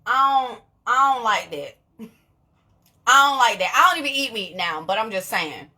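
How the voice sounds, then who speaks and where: A young woman, talking straight to camera in a casual vlog, blunt and animated, swearing freely and laughing often. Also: a little high, normal speed. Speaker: vlogger.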